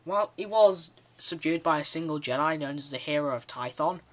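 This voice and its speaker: A man's voice: on the high side, expressive, brisk. A man giving casual countdown commentary for his own video, rambling and eager, tossing in "yeah" often and restarting his sentences. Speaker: video creator.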